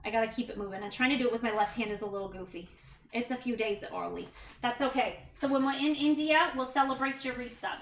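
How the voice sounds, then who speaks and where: A livestreamer and mother chats with viewers as she cooks in her home kitchen, calling them out by name with thanks and adding self-mocking comments. She's a fast talker with a fairly high, fairly bright voice, far from the mic and slightly off-mic in an echoey room with slight background noise.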